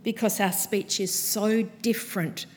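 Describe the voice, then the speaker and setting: A woman preaching a sermon to her church, with a measured, earnest delivery and pointed pauses. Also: mid-range voice, steady tone, a little hiss or hum. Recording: long hall reverb from a church.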